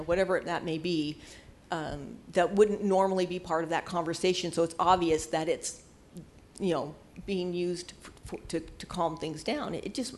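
A woman's voice: on the low side, darkish tone, slight background noise. An older woman giving casual marriage advice in an earnest, conversational way, at times searching for words. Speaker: marriage teacher.

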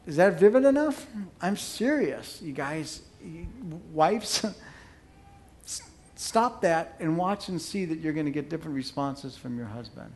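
Older man, high voice for a man, emphatic, jokey, casual marriage advice. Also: lively intonation, a little slow, a little hiss or hum. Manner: emphatic, joking, acts out examples. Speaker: marriage teacher.

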